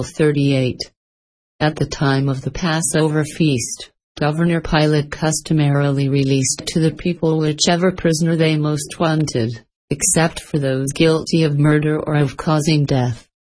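Low-pitched female reader, steady scripture narration with verse numbers. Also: rough recording. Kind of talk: scripted reading of a religious text with verse numbers.

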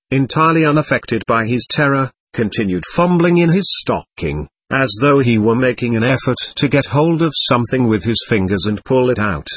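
A man narrating a classic novel as an audiobook in an expressive, dramatic storytelling manner. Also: medium pitch, husky, no room sound. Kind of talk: scripted narration.

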